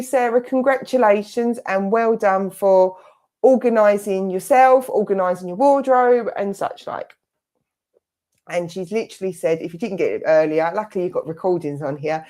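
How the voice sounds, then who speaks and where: A woman's voice: on the low side, darkish tone. A middle-aged woman giving a clairvoyant reading as a spiritualist medium, chatty and full of quoted asides. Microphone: online service stream.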